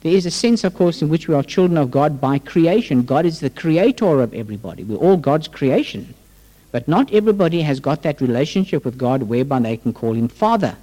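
A man's voice: a little high, animated, a little fast, warm tone. A man preaching a sermon as pastor, opening with a prayer and then stressing points emphatically. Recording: long reverb of a hall.

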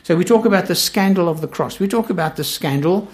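A man leads a Bible study in an earnest, emphatic manner. His voice sits a little high, and he drives each point home by repeating it. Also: fast talker. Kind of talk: Bible teaching.

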